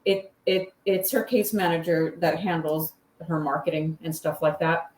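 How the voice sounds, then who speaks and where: A woman co-hosting a live online chat, reading out viewer comments in a giggly, casual way. Her voice is on the low side for a woman. A roomy echo hangs around her voice. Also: fairly even intonation, moderate pace, a little mellow, slight background noise.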